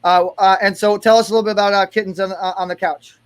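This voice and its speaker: A man's voice: sits high, little pitch movement, fast, smooth. A man hosting an online interview, enthusiastic and stumbling over his words. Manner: enthusiastic, stumbling, restarts often. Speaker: host.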